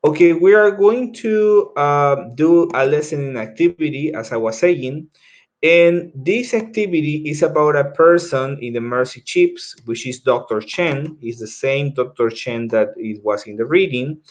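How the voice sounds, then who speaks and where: A man leads an English lesson at an unhurried, slow pace. He lays out each task step by step and repeats instructions patiently. He often pauses to check that the class is following with a quick "okay?". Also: a little high, expressive. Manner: explains step by step and repeats himself. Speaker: English teacher.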